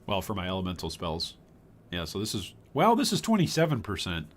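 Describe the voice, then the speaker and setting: An older man from Michigan streams a game live and chats with viewers as he plays. His pitch swings widely through the talk. His bursts of excitement break up an easy, chatty delivery. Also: fairly quick, a little hiss or hum. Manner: chatty, reads chat aloud, bursts of excitement. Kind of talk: live gameplay commentary.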